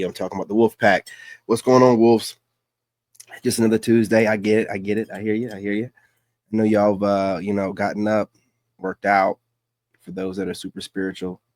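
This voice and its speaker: A man's voice: low voice, dry recording. A man hosting a casual livestream, reacting to clips in loose, emphatic street talk. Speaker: livestream host.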